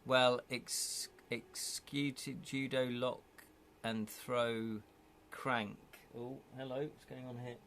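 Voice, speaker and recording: A man's voice: medium pitch, little pitch movement, takes it slowly, fairly bright tone, slight background noise. A man reading a gamebook aloud on a live stream, chatty and casual, breaking off to joke with his audience.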